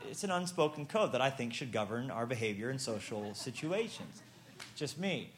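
A man's voice: mid-range voice, big pitch swings, moderate pace. A man preaching a humorous sermon as a pastor, playful and storytelling, acting out little exchanges.

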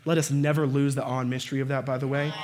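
A man preaching a conversational sermon, often checking in with "right?" and "okay?" and swinging from quiet asides to shouting. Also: medium pitch, flat delivery, very fast.

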